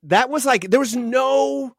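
A man's voice: very high-pitched, a little slow, dry recording, clean studio sound. A man, an actor guest, telling stories in a casual podcast chat and acting out the voices of people he quotes. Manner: animated, acts out quoted voices. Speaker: guest, actor and radio host.

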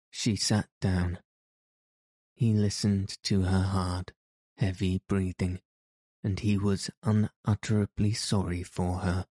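A man narrating a classic novel in a measured, even reading. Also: low-pitched, dry recording. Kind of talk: audiobook narration.

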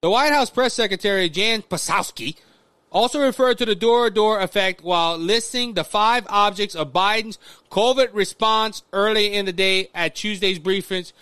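Hosting his political podcast, a man from Louisiana keeps restarting his sentences and addresses the audience directly as "folks." He talks at a moderate pace in a high, bright, forceful and smooth voice, with no echo in the recording.

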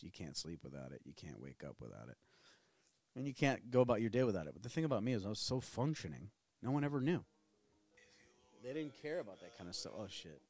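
A man's voice: fairly low pitch, darkish tone, no echo. A man from the New area, hosting a casual solo podcast and rambling candidly with plenty of profanity. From New Orleans area. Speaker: podcast host.

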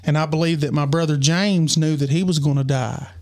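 Podcast co-host: man, slightly high voice, earnest and halting storyteller. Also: steady tone, a little mellow. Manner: earnest, halting, many restarts. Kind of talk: personal storytelling.

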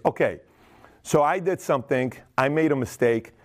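A man's voice: medium pitch, moderate pace. A man hosting a podcast, giving a casual, emphatic motivational talk in plain words, often acting out other people's voices. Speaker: podcast host.

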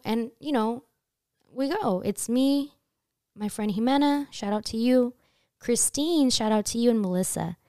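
A young woman hosting a casual chat, telling a story in an animated way, swearing freely and jumping high in pitch when she acts out her screams. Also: a little slow, no room sound, clean studio sound. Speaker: podcast host telling a story.

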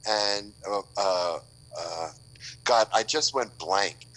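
A bright-toned older man from Boston talks in a loose, rambling way, full of restarts and quick jokes. He chats casually as a guest on a remote call. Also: fairly low pitch, rough recording. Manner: rambling, joking, many restarts. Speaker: author guest. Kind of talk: casual podcast chat.

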